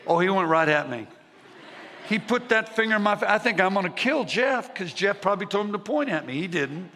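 Forceful male preacher in an echoing hall. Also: high-pitched, a little fast, slight background noise. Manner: animated, swings from shouting to hushed. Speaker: preacher giving his testimony. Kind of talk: storytelling sermon to a live audience. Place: large church hall with audience. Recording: reverberant hall sound.

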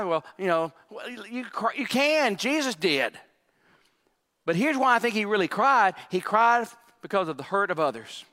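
A man's voice: high-pitched, bright, forceful tone, big-room sound. A man preaching a sermon as pastor, emphatic, with repetitions and asides to the congregation.

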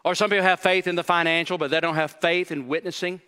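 A man's voice: on the high side, fairly even intonation, quick pace, pushed and bright, clean tone. A man preaching a sermon as pastor, emphatic and building intensity, repeating key phrases for weight. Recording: reverberant hall.

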